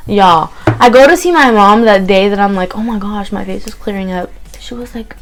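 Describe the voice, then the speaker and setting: A woman's voice: medium pitch, normal speed, hardly any pauses, soft background music. A young woman chatting to camera in a candid story-time vlog, swearing freely and acting out her own reactions. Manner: chatty, candid, swears freely, quotes herself in lively asides. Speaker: beauty vlogger.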